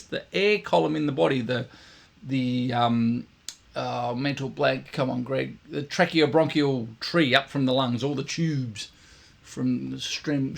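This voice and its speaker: A creaky, mid-range male voice leads a relaxed trumpet lesson on video. He goes over his points repeatedly and makes buzzing sounds with his voice as demonstrations.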